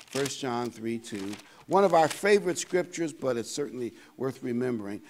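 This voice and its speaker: An older man preaching a sermon in a folksy, conversational way, reading scripture aloud and pausing to find verses. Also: mid-range voice, a little mellow. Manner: pauses often with fillers to find verses. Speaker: pastor.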